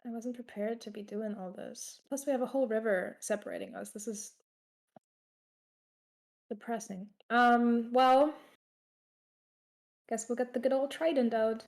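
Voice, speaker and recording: A woman's voice: on the high side, measured pace, long pauses. A woman playing in a tabletop game, chatting casually and giggling. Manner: playful, giggly banter. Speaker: player.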